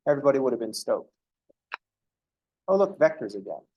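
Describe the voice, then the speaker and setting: A man with a warm, mid-range voice and big swings in pitch teaches a math class at a brisk clip, though the audio sounds dull. He explains things step by step, repeatedly interrupting himself with jokes.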